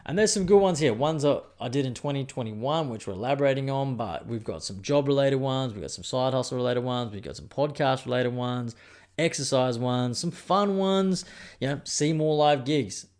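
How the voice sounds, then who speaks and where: A man's voice: medium pitch, normal speed, a little mellow. A man with an Australian accent hosting his own podcast, rambling casually, joking and swearing freely. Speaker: podcast host. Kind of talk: casual solo podcast chat.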